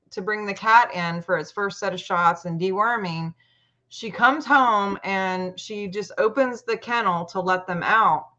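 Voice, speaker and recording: A woman casually telling a long personal story in a chatty, animated way, acting out what people said. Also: mid-range voice. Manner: chatty, animated retelling with quoted voices. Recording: muffled lo-fi audio.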